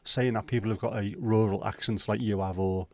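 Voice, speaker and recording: A man's voice: fairly low pitch, steady tone, brisk, darkish tone, dry recording. A man with a Liverpool accent hosting a livestream, chatting casually and bluntly with plenty of swearing while reading viewer comments. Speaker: livestream host.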